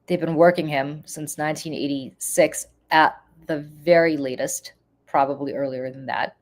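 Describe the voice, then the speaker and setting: A woman's voice: sits low, fairly even intonation, normal speed. A woman with a congested voice, giving casual live-stream political commentary and chatting with viewers, with frequent ums.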